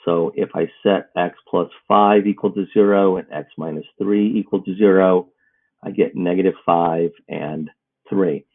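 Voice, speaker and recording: A man's voice: sits low, a little slow. A man teaching a math lesson, working through problems step by step in a recorded video. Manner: steady, step-by-step explaining. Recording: muffled phone-like audio.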